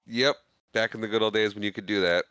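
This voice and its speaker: Bright, crisp-voiced man recapping a film. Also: lowish voice, steady tone, fast talker, dry recording. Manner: laughs often, retells scenes with quoted lines. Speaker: podcast co-host. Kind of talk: casual movie recap chat.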